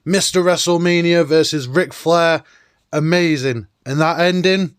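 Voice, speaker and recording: A man's voice: fairly high pitch, measured pace, smooth. A man hosting a nostalgic countdown video in an enthusiastic, chatty way. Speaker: host.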